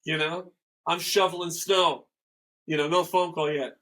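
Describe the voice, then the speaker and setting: Bright-voiced older man telling stories. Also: on the high side, a little slow, rough recording. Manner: rambling, animated, acts out quoted dialogue. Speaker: guest musician. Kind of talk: casual storytelling interview.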